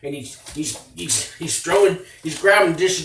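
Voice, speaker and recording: A man's voice: on the high side, a little fast, bright, forceful tone, recorded from a distance. Rambling, profane man in his fifties. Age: 50s. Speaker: former inmate vlogger. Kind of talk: casual storytelling. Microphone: tablet. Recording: roomy, off-mic, with faint noise.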